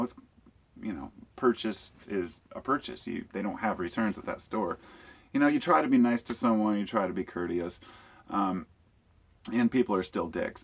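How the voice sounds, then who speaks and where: Low husky guy vlogging, rambling story, acts out what people said. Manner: rambling, animated retelling with quoted dialogue. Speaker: YouTuber. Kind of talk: casual storytelling vlog.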